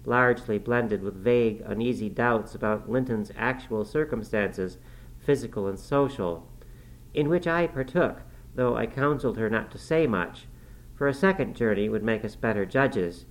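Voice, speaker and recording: A man's voice: mid-range voice, normal speed, low-quality recording. Man narrating a classic novel. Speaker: audiobook narrator.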